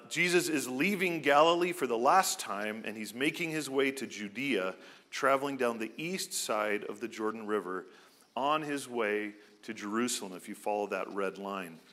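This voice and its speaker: A man's voice: mid-range voice, a bit bright. A man preaching a sermon as pastor, explaining scripture in an earnest, teaching way.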